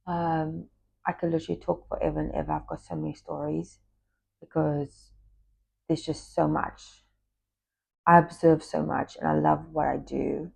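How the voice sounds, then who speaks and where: A woman, a former yoga teacher, talking in a casual personal monologue, confiding and reflective, sometimes dropping into soft whispers. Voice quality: gravelly, husky low voice. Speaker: spiritual talk host, former yoga teacher.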